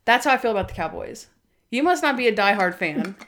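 A woman's voice: on the high side, lively intonation, fast talker, fairly bright tone. A woman co-hosting a podcast, recapping a TV episode in bubbly, chatty fashion and acting out scenes with big voices. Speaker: podcast co-host. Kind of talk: casual episode recap chat.

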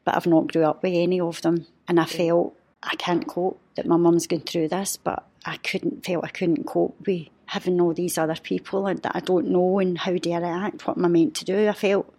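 Fifties woman, podcast guest, low husky voice, emotional halting storyteller. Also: little pitch movement, warm tone. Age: 50s. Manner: heartfelt, halting, with restarts.

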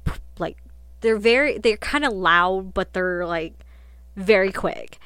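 A woman's voice: lowish voice, fairly bright tone, no room sound. Chatty young woman telling spooky stories. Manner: chatty, swears freely, laughs often, trails off. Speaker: podcast host. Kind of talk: casual storytelling.

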